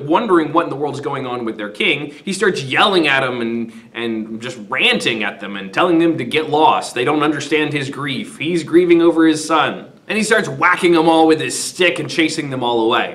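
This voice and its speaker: A man's voice: mid-range voice, a bit bright. A man teaching literature who summarizes the story in a casual, conversational way.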